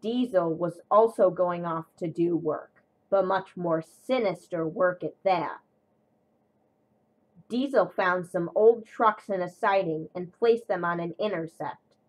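A woman narrating a children's storybook tale in a steady, even way. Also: lowish voice, slow pace, low-quality recording.

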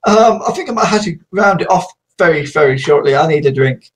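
A woman chatting casually with strangers on a live webcam stream, excitable and giggly, calling out sing-song greetings. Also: low voice, fairly quick. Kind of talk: casual live video chat.

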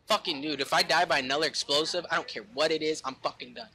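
A man giving gameplay commentary as a gaming YouTuber, cursing and yelling in frustration. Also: on the high side, fast talker, hardly any pauses, a little hiss or hum.

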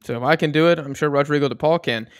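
Animated American guy ranting about football. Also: a little high, fast, smooth, no room sound, clean studio sound. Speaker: podcast co-host. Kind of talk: casual sports chat.

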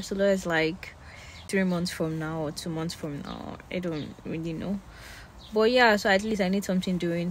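A woman's voice: on the low side, slight background noise. A young woman with a Nigerian accent, chatting casually to her phone camera outdoors in the cold, with lots of fillers and laughs. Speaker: vlogger. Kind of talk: casual vlog chat.

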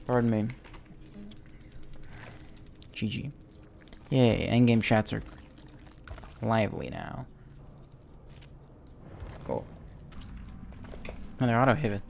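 Young male gamer, lowish gravelly voice, chatty self-talk commentary with a faint hiss behind him. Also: normal speed, pauses often. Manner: chatty, self-talking, bursts into excited yelling. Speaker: gaming YouTuber. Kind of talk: casual gameplay commentary.

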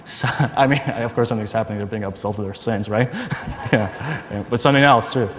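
A man giving a personal testimony at a conference, telling his story in a lively way and laughing often. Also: lowish voice, brisk. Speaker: conference speaker. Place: large conference hall. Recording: long hall reverb, faint noise.

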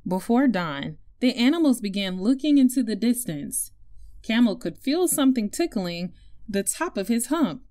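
A woman reading a children's story aloud to young listeners in an expressive storytelling voice. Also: fairly high pitch, moderate pace. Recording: faint music behind.

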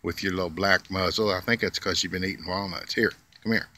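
A man's voice: sits low, steady tone, fairly quick, pushed and bright. A man, talking outdoors in a casual, folksy way and coaxing squirrels with sweet, drawling words. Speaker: vlogger feeding squirrels. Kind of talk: casual running talk to animals. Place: outdoors in a yard. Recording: faint outdoor noise.

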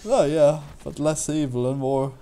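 A man co-hosting a let's play, chatting casually with a dry, deadpan sense of humor. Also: fairly high pitch, unhurried. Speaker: co-host. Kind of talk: casual chat over gameplay.

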